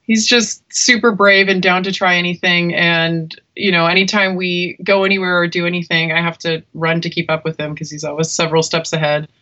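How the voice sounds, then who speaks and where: Singer woman, casual interview, bright and giggly, muffled audio. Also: lowish voice, little pitch movement, a little fast, few pauses.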